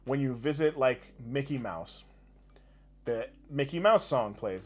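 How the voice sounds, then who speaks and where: This young man co-hosts a laid-back gaming podcast, speaking in a mid-range voice that's a bit slow and slightly rough. He's an animated storyteller, swearing a lot and breaking into big laughs.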